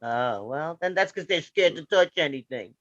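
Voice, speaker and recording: A man with a high, bright, bouncy voice cracks jokes and tosses off quick asides in a casual podcast chat. His line sounds dull and lo-fi, with a faint hiss behind it. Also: expressive. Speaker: guest.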